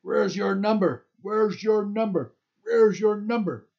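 A man's voice: high voice, a little slow, creaky, voice pushed up. A man voicing a big, burly, angry Dutch security guard who bellows the same demand over and over. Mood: shouting. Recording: dull lo-fi recording.

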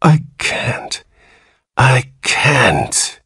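Panicked father, thundering then moaning, voice pushed high, played by a male narrator. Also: very animated, extremely slow, bright, forceful tone, slightly rough, no room sound, studio quality, exaggerated voice. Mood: horrified. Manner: thundering, frantic outbursts and horrified moaning.

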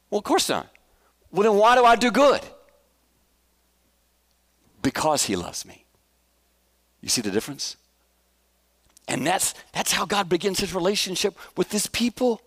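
Male pastor, mid-high voice, chatty preaching that keeps asking the room questions. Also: a bit bright. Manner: conversational, asks rhetorical questions. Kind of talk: sermon. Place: church.

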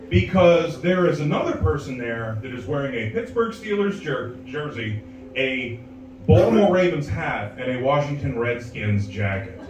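A man's voice: a little high, noisy background. A man performing stand-up comedy, telling a long story and acting out other people's voices. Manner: animated, acts out characters' voices. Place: comedy club stage. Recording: roomy, distant live club recording. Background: audience laughter.

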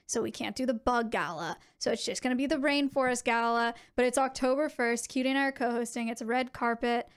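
A young adult woman streaming, chatting casually with her viewers in an animated way, with quick asides. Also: fairly high pitch, clean tone.

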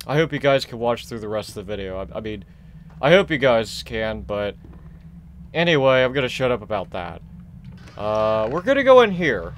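A young man casually commenting on a horror game he is playing, rambling, excitable and self-deprecating. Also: medium pitch. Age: young adult. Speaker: gaming channel host. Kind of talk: casual let's-play commentary.

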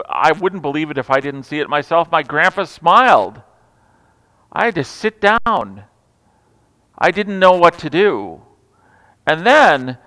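Male pastor, fairly high and crisp, storytelling sermon with humor, in a church hall with long reverb. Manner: storytelling with humor, swings from loud to hushed. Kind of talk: Christmas Eve sermon. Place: large church sanctuary.

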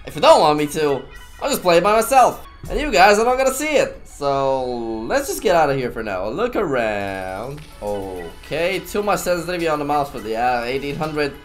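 Goofy, animated young man gaming. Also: a little high, normal speed, soft background music. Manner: goofy, playful, laughs often, sometimes shouts. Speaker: gaming YouTuber. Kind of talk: let's-play commentary.

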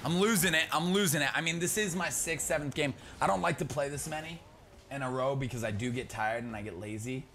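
A young man chatting through live gameplay, talking to his teammate and breaking into excited shouts. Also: mid-range voice, a little fast, gravelly. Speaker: gaming YouTuber. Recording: background noise.

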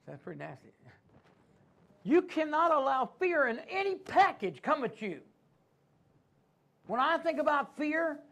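Male pastor, sermon delivery; very high voice, animated, slips into character voices. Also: vocal fry. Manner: animated preaching with acted-out voices and asides.

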